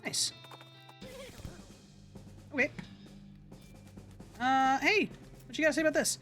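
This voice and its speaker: A woman's voice: sits high, takes it slowly, pauses often, a bit bright, faint music behind. A young woman streaming a game, chatting casually with viewers and reading game text aloud in an upbeat way. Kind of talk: casual gameplay livestream chat.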